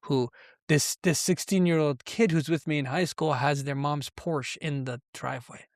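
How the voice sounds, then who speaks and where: A man who grew up in Canada as an immigrant, telling a personal story in an interview, acting out the voices of the people in it with big leaps in pitch. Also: moderate pace, no echo, clean studio sound. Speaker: guest, entrepreneur.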